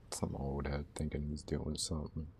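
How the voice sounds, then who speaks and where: A man's voice: a bass voice, creaky, a little mellow, slight background noise. A young man livestreaming, joking and teasing his viewers in laid-back, casual chat, often laughing.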